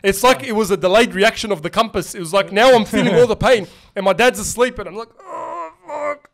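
Quick and high-pitched, this young man co-hosting a podcast keeps the chat casual, spinning animated stories laced with heavy profanity.

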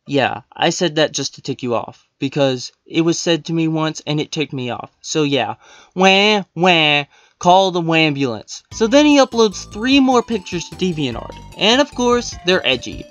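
A man's voice: fairly high pitch, animated, normal speed, hardly any pauses, dry recording, soft background music. Sarcastic young-sounding man ranting. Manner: sarcastic, exasperated. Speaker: online commentary vlogger. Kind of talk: mocking commentary reading out online posts.

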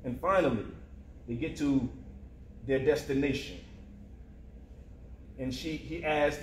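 A male preacher telling a story in a slow, deliberate sermon style. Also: mid-range voice, darkish tone, slight background noise. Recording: roomy echo.

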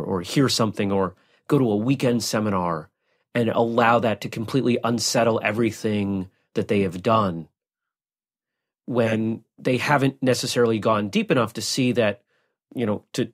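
A man hosting a podcast interview, asking measured, reflective questions. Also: on the low side. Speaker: podcast host.

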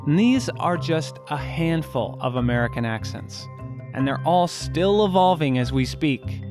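A man delivers scripted explainer narration in a clear, measured manner. His voice sits a little high for a man. Music plays clearly beneath him throughout. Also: animated. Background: background music.

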